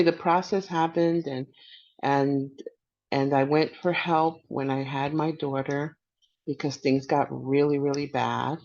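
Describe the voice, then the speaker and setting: A middle-aged woman veteran giving personal testimony on a panel, halting and hesitant with many restarts. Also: deep voice, a little mellow. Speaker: veteran panelist and peer support worker. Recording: muffled lo-fi audio.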